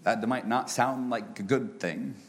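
A man in his thirties preaching a sermon who builds to loud, high peaks and then drops to a soft, hushed voice. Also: a little slow, slight background noise. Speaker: pastor.

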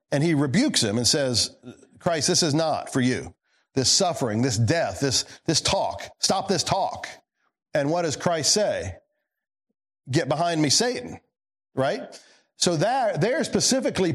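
A male pastor delivers a sermon, swinging between emphatic lines and low, quiet asides while putting questions to the congregation.

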